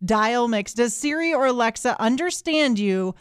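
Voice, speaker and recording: Woman radio host, teasing banter, laughs a lot, slightly high voice, dry studio sound. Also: lively intonation, moderate pace, smooth, dry recording. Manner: bubbly, laughs often, teasing. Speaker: radio morning show host. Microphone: studio microphone.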